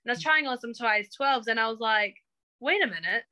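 Speaking briskly in a fairly high, sharp voice, a young coaching client chats with her coach about her story, performing the quoted lines of herself and others. The audio is poor.

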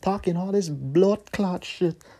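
A man's voice: high-pitched, slow, mellow. A man, hosting a podcast and delivering a profane, repetitive, scolding rant. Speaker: podcast host.

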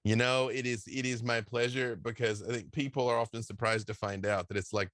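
A game designer, tired from a long day, rambles through a casual interview on a video call, leaning heavily on "you know." He speaks fairly quickly in a medium-pitched, somewhat bright voice with fairly even intonation, and the audio is clean with no room sound.

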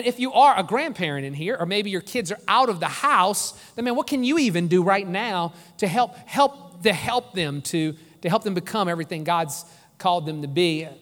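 High-voiced pastor preaching in an echoey hall. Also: male voice, fairly bright tone. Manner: earnest, emphatic preaching with repeated phrases. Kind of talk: sermon. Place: church sanctuary.

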